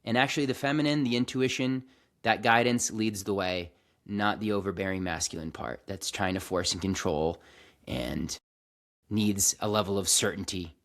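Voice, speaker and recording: A man hosting a reflective spiritual monologue, earnest and slow, speaking in a calming way with frequent restarts and some casual swearing. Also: lowish voice. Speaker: host.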